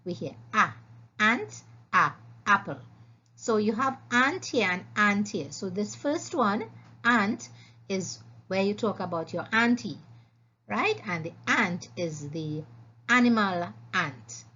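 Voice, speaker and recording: Husky lady teacher going slow over vowel sounds, kinda muffled lo-fi recording. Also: medium pitch, lively intonation, pushed and bright. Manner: slow, clear, instructive, repeating sounds. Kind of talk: phonics lesson narration. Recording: dull lo-fi voice-over.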